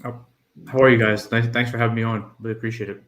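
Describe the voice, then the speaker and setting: A man's voice: mid-range voice, level tone, fast, a bit bright. A man joining a casual chat as a guest, friendly and curious about family roots.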